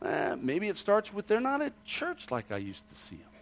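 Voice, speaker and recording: A man preaching a sermon to his congregation, asking rhetorical questions and dropping low and quiet for emphasis. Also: wildly swooping pitch, normal speed. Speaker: pastor.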